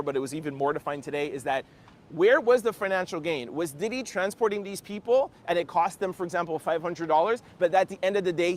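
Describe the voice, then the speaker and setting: A man giving casual commentary outdoors, excitable and saying "yo" a lot. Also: high-pitched.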